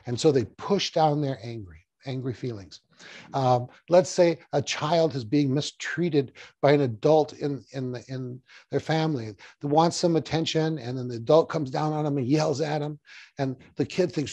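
A man's voice: a little high, moderate pace, mellow, no echo. A middle-aged man teaching hypnotherapy in a casual, storytelling way, repeating key phrases as he explains. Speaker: hypnotherapy trainer. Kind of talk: casual teaching talk to camera.

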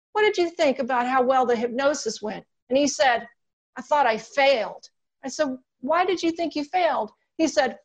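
High-voiced woman hypnotist telling stories. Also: rough recording. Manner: animated storytelling, acts out client dialogue. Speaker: guest hypnotist. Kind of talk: casual teaching talk.

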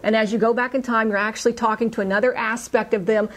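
A woman hypnotherapist telling a session story on a podcast, acting out her client's lines. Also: fast. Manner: animated, acts out client's quotes in higher voice.

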